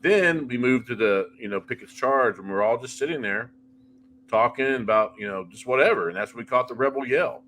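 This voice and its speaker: A middle-aged man, a paranormal investigator, telling animated anecdotes in a casual interview and often restarting his sentences. He talks freely, piling one example onto the next. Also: mid-range voice, a little fast, slight background noise.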